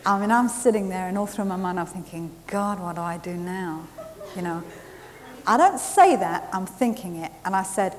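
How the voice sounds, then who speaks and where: A woman preaching a sermon, telling a lively story and laughing at herself along the way. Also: lowish voice, normal speed. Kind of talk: sermon with testimony. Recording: hissy recording in a reverberant hall.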